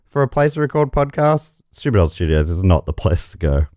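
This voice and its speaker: Lively jokey male game show host. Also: low voice, a little fast, no echo, studio quality. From Australia. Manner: jokey, chuckles mid-sentence. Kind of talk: comedy podcast banter, reading quiz options.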